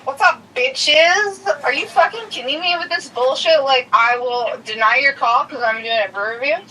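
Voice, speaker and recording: A woman on a phone call with her father, ranting loudly and profanely in a comic, exaggerated way. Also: high-pitched, fairly quick, recorded from a distance, a little hiss or hum. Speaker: caller, host's youngest daughter.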